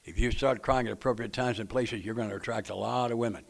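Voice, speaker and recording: A man talks a group through a book study. His delivery is plainspoken and folksy, with a joking edge. His pitch sits in the middle range. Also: steady tone, fast, vocal fry. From Nashville, Tennessee. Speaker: recovery meeting speaker leading a book study. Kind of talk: speaker-meeting talk to a group.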